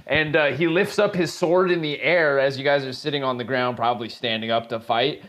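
A man's voice: mid-range voice, brisk, a bit bright. A man narrating as game master of a tabletop game, loose and chatty with many fillers and easy laughs. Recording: casual podcast recording.

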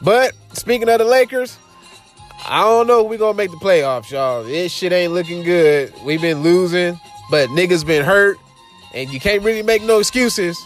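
A young podcast host with an African American Vernacular English accent runs his show with loose, profane, casual commentary and laughing asides. His voice is high-pitched.

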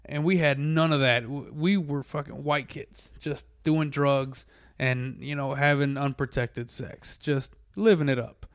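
Smooth-voiced joking man, dry sound. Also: mid-range voice, steady tone, no echo. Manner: joking, profane, quick quips. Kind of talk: casual chat.

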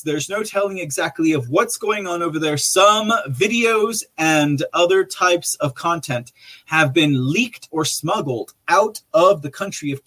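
A man with a fairly high-pitched voice hosts a live podcast stream, chatting loosely and talking straight to his listeners. He rambles from point to point and chuckles between his remarks. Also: bright, forceful tone. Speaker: podcast host. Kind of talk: casual live-stream commentary.

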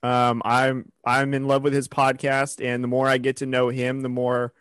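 Casting: male co-host, rambling chatty storyteller, mid-pitched, dry close mic. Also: completely flat delivery, moderate pace, fairly bright tone, clean tone, dry recording. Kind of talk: casual chat.

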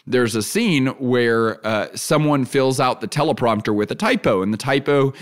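A man at a middle pitch, hosting a solo podcast in an earnest, teaching tone. He repeats key phrases for emphasis and drops in a conversational "right?" now and then. When he acts out examples he turns lively and laughs easily. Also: normal speed. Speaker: podcast host.

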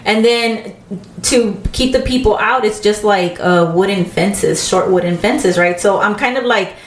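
A woman's voice: unhurried, roomy sound, slight background noise. A woman casually telling a story on a podcast, acting out the people in it with a raised voice. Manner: animated storyteller, acts out quotes in higher voice. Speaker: podcast co-host.

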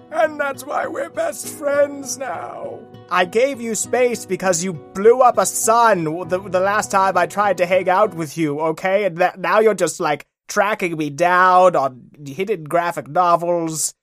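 A podcast host voicing a boastful, bumbling male wizard in an improvised kids' story, giggling and shouting spells. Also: medium pitch, slow pace, soft background music. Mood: defensive.

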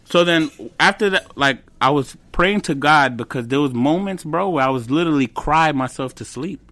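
A man in his twenties, a comedian guest on a casual podcast, telling animated stories with slang, swearing and bits of Spanish. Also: fairly high pitch, moderate pace. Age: 20s.

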